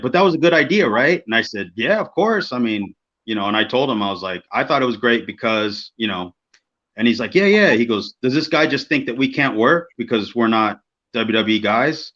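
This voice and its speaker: A man co-hosting a podcast, telling a backstage story casually and acting out the people in it. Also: lowish voice. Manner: animated, acts out quoted people, swears freely. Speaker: podcast co-host, former wrestler. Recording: dull lo-fi podcast audio.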